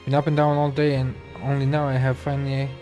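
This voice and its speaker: A man's voice: mid-range voice, completely flat delivery, fast talker, warm tone, faint music behind, lightly acted. A man reading a weary male dock worker. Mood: tired. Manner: casual, offhand. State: unwell.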